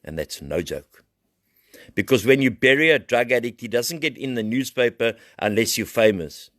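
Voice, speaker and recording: A middle-aged man with a South African accent giving an impassioned recovery share. He preaches and climbs into loud, high-pitched pleading. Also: lively intonation, normal speed, dry recording, studio quality. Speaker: recovery program founder.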